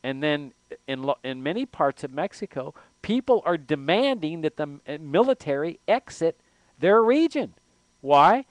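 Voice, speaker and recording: A man's voice: a little high, sing-song, a little slow, no echo. A man hosting a political commentary show, talking emphatically in a long monologue, often restarting phrases and asking rhetorical questions. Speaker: show host.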